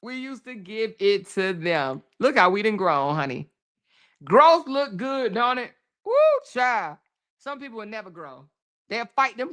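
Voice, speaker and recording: A woman hosts a casual livestream, with a voice that sits a little high for a woman. She reads out viewer comments, laughs often, and talks loud and profane, calling her viewers baby. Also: very animated, normal speed. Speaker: livestream host.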